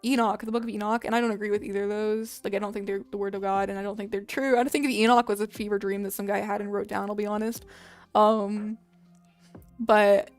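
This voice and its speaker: A woman's voice: medium pitch, level tone, quick pace, soft background music. Young woman streamer chatting casually. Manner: rambling, frequent "like" fillers, laughs a lot. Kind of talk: casual chat.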